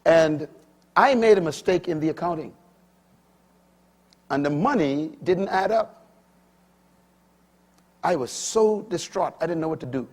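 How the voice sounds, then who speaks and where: Older male preacher, husky, fairly high voice, emphatic sermon delivery with sudden loud high peaks. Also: expressive, a little slow, pauses often. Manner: emphatic, swinging from loud high bursts to low quiet asides.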